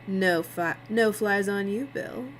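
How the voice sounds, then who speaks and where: A woman's voice: mid-range voice, slow, slight background noise, close to an everyday voice, poor audio. Woman reading as a smug mocking producer. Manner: sarcastic, needling.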